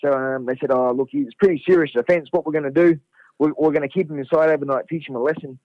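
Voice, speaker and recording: A middle-aged Australian man, a fighter guest, telling a story in a casual, animated way, laughing and swearing freely. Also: on the high side, quick pace, no room sound. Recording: dull lo-fi radio sound.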